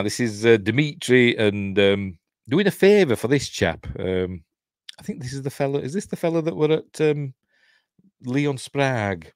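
A middle-aged man with a broad Yorkshire accent rambles through a film he is watching, stopping often for ums and small chuckles. His voice sits a little low. The sound is dry and close. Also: dry recording. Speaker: channel host, film commentator. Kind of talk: casual movie watch-along commentary.

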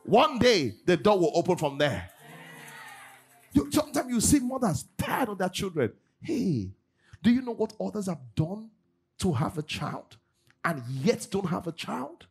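A man preaches with a lively, swooping voice that sits a bit high for a man. His tone is husky, and soft music plays behind him. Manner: animated preaching, mimics congregants, laughs often. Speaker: pastor. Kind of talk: sermon.

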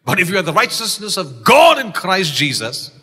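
A man's voice: high-pitched, sing-song, normal speed, husky. A man with a Malaysian English accent, preaching an exuberant sermon in a church and calling for responses from the congregation. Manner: exuberant, calls for audience responses, shouts key lines. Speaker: pastor. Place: church sanctuary. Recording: long church reverb.

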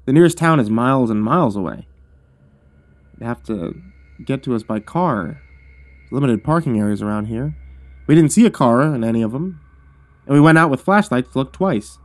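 Here a man gives an animated reading of a horror story narrated in the first person. He speaks in a measured hush that drops at the tense beats, and there's no echo.

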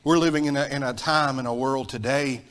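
A Southern American preacher delivering a sermon with an emphatic, repetitive style. He builds to loud peaks and then drops low, in a mid-pitched man's voice. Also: fairly even intonation, brisk. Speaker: pastor.

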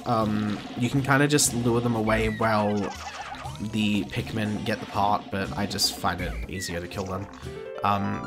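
A man in his twenties giving casual let's-play commentary, rambling and easily sidetracked, full of fillers and restarts. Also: lowish voice. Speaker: gaming channel host. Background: game music.

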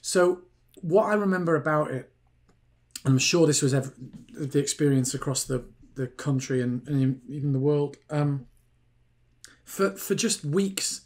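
Man, forties, podcast co-host, rambling chat, high-ish voice. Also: unhurried, darkish tone. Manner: rambling, restarts thoughts, asks his co-host questions. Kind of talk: casual chat.

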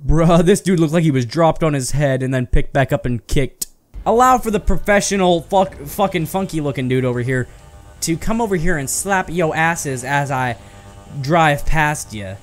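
A young man giving casual, profane let's-play commentary with loud outbursts and fast rambling. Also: fairly high pitch, animated, soft background music. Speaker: gaming YouTuber.

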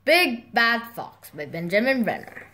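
A woman reading a storybook aloud, her voice bright and clear. Her pitch moves a lot, and she keeps an unhurried pace. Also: sing-song. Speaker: storybook reader. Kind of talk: reading a picture book aloud.

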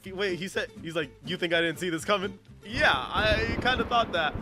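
A young man giving excitable gameplay commentary as a gaming YouTuber, laughing a lot and often calling people "bro". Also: high voice, moderate pace, hardly any pauses, music in the background.

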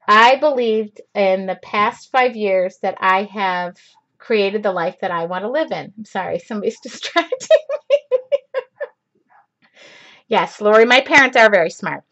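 A woman's voice: mid-range voice, expressive, unhurried, long pauses, a bit bright, lo-fi sound. A middle-aged woman teaching a live-streamed painting session in a chatty, rambling way, laughing often. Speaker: art instructor.

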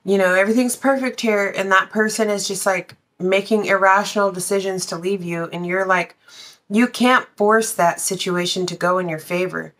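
Her pitch sits in the middle, the intonation fairly level, the pace moderate and the tone a touch bright. As a tarot reader she's casual and blunt, swears freely, speaks right to her viewers, and sometimes sings lines.

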